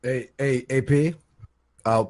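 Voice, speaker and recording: A man's voice: medium pitch, slow, a little mellow. A man hosting a live stream, telling stories in a rambling, casual way. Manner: rambling storytelling with fillers. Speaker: stream host.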